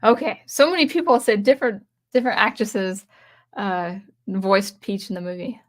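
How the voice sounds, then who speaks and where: A woman's voice: medium pitch, normal speed. Rambling candid woman in her thirties. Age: 30s. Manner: rambling, self-correcting, candid. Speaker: channel host. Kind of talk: casual livestream chat.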